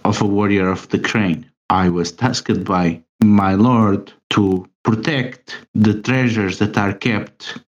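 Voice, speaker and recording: A man voicing a proud, indignant captive samurai abbot who speaks in a formal, measured way. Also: on the low side, dull audio, close to an everyday voice. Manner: formal, measured, wounded pride.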